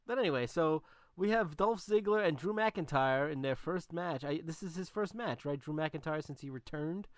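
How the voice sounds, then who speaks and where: Jokey co-host, smooth resonant tone, close and dry. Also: male voice, on the high side, lively intonation, moderate pace, no room sound. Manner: jokey, chatty, laughs at own jokes. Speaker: podcast co-host. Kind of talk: casual chat.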